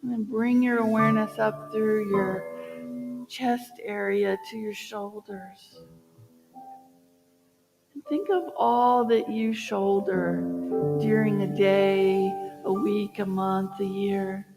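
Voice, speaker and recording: A woman minister leading a guided meditation in a church, speaking slowly and soothingly. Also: medium pitch, steady tone, creaky. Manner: slow, soothing, rising to celebratory. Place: church sanctuary. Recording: long church reverb with music behind.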